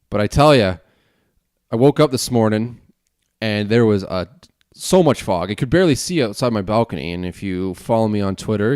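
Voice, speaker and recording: A man with a fairly low, smooth voice hosts a casual podcast from his desk at home. He rambles and chats loosely, dropping the odd swear word. The sound is close and dry, with no room echo. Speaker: podcast host. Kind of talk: casual solo podcast, beer review.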